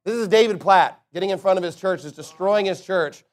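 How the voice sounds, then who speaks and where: A male pastor delivering a combative sermon, pressing hard with one rhetorical question after another. His voice sits high for a man. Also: a little fast, hardly any pauses. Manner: fiery, combative preaching with repeated rhetorical questions.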